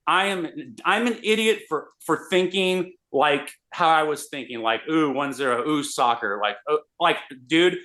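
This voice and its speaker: A man, a radio host, telling an animated story in a casual interview. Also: a little high, unhurried, few pauses. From Austin, Texas. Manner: animated, excitable storyteller with many restarts.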